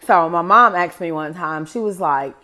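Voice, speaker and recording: This vlogger, a woman in her forties, has a lowish voice that sounds pushed and bright, moving at a moderate pace. She rambles casually through a personal story to camera, frequently calling her audience "guys."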